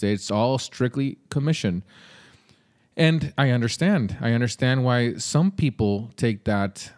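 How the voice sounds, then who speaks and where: A man's voice: medium pitch, a little mellow. A man hosting a podcast, giving casual advice in a blunt, conversational way with some mild swearing. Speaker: podcast host.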